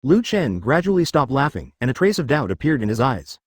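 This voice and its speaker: Synthetic male storyteller, fast, lively pitch, mechanical reading, dry close sound. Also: no room sound. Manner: even, mechanical reading with odd misreadings. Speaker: narrator. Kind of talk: synthetic audiobook narration.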